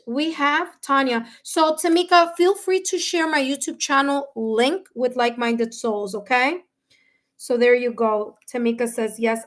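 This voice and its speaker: A woman reading tarot live for her viewers, talking warmly and emotionally, with many fillers and restarts. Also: fairly high pitch. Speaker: tarot reader and medium. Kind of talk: live-stream reading, casual chat with viewers.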